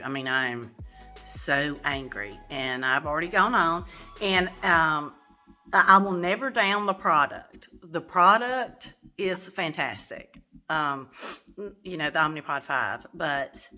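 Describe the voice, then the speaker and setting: A middle-aged woman with a drawl talks straight to camera in a casual vlog, venting and cussing without a filter. Her voice is bright and a little low-pitched for a woman, with soft music faintly underneath. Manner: candid, venting, swears freely. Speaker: vlogger.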